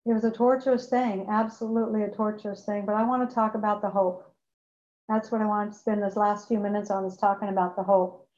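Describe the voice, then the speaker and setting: In an echoey, dull lo-fi room recording, a woman shares her recovery story as an emotional, candid personal testimony, often repeating phrases for emphasis. Her voice is medium in pitch and darkish in tone, with a flat, slightly fast delivery.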